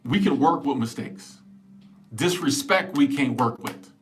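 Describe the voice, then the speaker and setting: Animated man in his forties chatting live. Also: medium pitch, measured pace. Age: 40s. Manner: animated, emphatic, joking. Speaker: live-stream host. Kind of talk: casual live-stream chat answering viewers. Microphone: small wireless clip-on mic.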